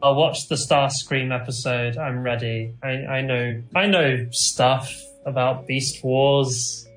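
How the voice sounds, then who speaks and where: A man's voice: mid-range voice, fairly even intonation, slow, fairly bright tone, roomy sound, soft background music, rough recording. A man co-hosting a casual podcast, rambling and restarting his sentences, laughing easily. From half Scottish. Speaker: podcast co-host. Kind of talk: casual chat.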